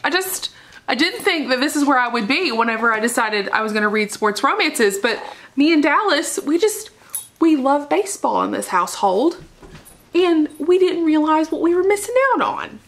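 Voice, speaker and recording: A woman's voice: sits high, very animated, moderate pace. A young woman vlogging casually at home about books she read, talking in an emotional, gushing way and laughing often. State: tearful. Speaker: book vlogger. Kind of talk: casual vlog chat. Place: dark living room at home.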